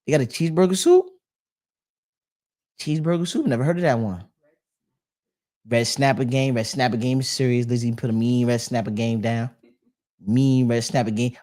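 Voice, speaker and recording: A man's voice: mid-range voice, moderate pace, pauses often, darkish tone. Guy hosting a podcast, chill slangy talk, keeps restarting sentences. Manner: loose slangy talk with many restarts and fillers. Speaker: podcast host reading live chat. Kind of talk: casual chat.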